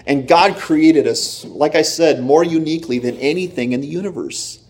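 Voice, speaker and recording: A man preaching a sermon in a lively, animated way, often acting out the voices in the story he tells. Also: fairly high pitch, normal speed, a little hiss or hum. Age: young adult or middle-aged, father of children. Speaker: pastor.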